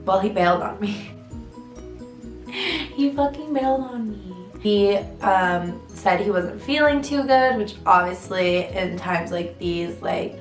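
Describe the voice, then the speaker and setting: A woman's voice: mid-range voice, animated, slow. A young woman vlogging casually, chatty and full of fillers, with dramatic swings in her storytelling. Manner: chatty, many fillers, dramatic ups and downs. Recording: roomy sound with faint music.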